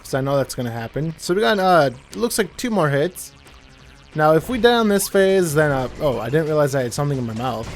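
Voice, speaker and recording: A young man giving casual, rambling commentary while playing a video game, often correcting himself mid-sentence. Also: fairly high pitch. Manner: rambling, self-correcting, chatty. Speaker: gameplay commentator. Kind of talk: casual let's-play commentary.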